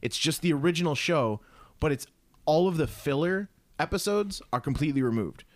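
A man's voice: fairly high pitch, animated, fairly quick, no room sound. A young man co-hosting a podcast in casual chat, rambling with lots of fillers and swearing. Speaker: podcast co-host.

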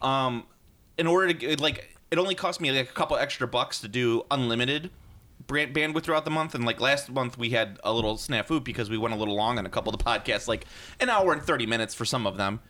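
An American man hosting a casual gaming podcast, talking in a loose, rambling way with frequent fillers and restarts. His voice has a bright edge and a middling pitch. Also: quick pace. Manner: rambling, laughs often, many fillers and restarts. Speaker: podcast co-host.

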